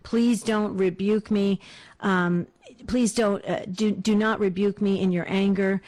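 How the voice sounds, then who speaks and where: Brief: woman radio host, earnest and encouraging, steady mid pitch. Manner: warm encouraging, slow and earnest. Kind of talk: religious call-in radio hosting.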